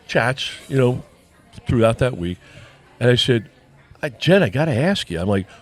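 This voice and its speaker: A man co-hosting a casual chat, telling a personal story and acting out the dialogue. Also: on the low side. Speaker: podcast co-host.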